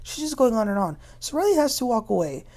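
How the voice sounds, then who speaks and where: A woman's voice: on the high side, sing-song, mellow. Chatty, opinionated woman recapping TV. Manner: chatty and opinionated, retelling scenes quickly. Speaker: reality TV recap host. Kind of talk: casual episode recap commentary.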